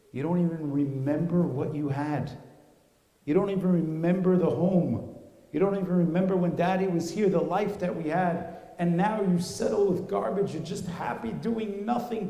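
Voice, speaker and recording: A man's voice: medium pitch, mellow. A man voicing a grieving mother in a story, impassioned and building as she speaks. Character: grieving mother, pleading with her son. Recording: reverberant hall.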